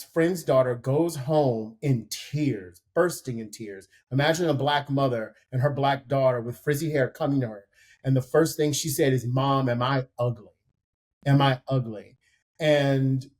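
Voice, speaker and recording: Casting note: man, mid-pitched, conversational storyteller, earnest and animated. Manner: earnest, animated retelling with quoted voices. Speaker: podcast co-host.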